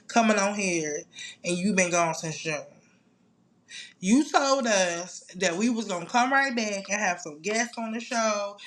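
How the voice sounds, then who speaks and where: A young woman hosting her own podcast in a casual solo chat, playful, animated and full of slang. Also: medium pitch, normal speed. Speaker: podcast host.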